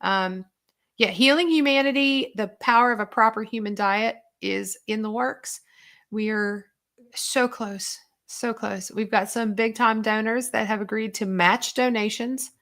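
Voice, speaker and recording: A woman's voice: on the high side, measured pace, a bit bright. A woman hosting a casual online chat, answering viewer questions in a chatty, rambling way with lots of fillers. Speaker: host and diet coach.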